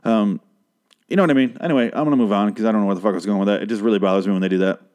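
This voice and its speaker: A man with a fairly low voice rambles through a TV episode recap, swearing freely and mocking the characters with dry sarcasm. He talks into a microphone he holds in his hand. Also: rapid-fire, darkish tone, clear, resonant tone. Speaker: podcast host recapping a TV episode. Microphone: handheld microphone.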